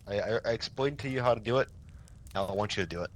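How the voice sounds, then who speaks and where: A young man with a fairly low voice explains radio procedure to a trainee in a relaxed, loose way, restarting sentences and swearing offhandedly. A faint hiss of background noise sits under his voice. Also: quick pace. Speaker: milsim instructor. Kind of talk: casual training session.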